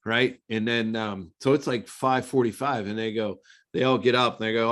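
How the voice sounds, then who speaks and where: A middle-aged man, a former pro quarterback, telling stories in a relaxed, conversational interview full of fillers. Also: mid-range voice, normal speed. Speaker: former NFL quarterback, guest. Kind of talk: casual storytelling interview.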